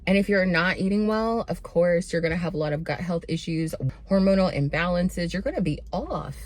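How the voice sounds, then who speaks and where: A woman's voice: on the low side, animated, brisk. A young woman giving a sassy, blunt motivational pep talk straight to her viewers and calling them honey and babe. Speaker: self-improvement vlogger.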